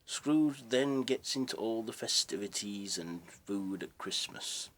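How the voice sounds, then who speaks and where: A man's voice: fairly low pitch, expressive, takes it slowly, fairly bright tone. A man casually retelling a story as its narrator, in a rambling, unpolished way.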